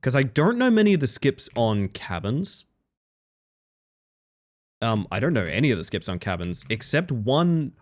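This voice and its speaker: A man's voice: mid-range voice, big pitch swings, unhurried, long pauses. A man streaming a speedrun late at night, chatting casually with his viewers, thinking aloud and correcting himself as he plays. He sounds a little tired. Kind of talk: casual gameplay commentary.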